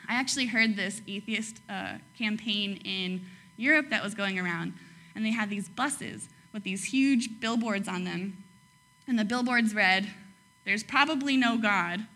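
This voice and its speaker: A young woman preaching a casual sermon, chatty and quick to laugh, tagging her points with "right?" and "like". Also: mid-range voice, pushed and bright.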